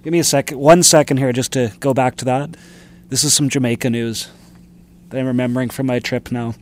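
A man's voice: mid-range voice, steady tone, brisk, darkish tone. A man co-hosts a casual podcast chat. He tells his stories hesitantly, trailing off and starting over. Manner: hesitant, trails off and restarts while recounting. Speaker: podcast co-host.

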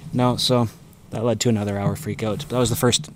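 A man's voice: fairly low pitch, little pitch movement, fast, a crowd in the background. Laid-back man telling dry stories. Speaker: podcast co-host. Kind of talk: casual chat.

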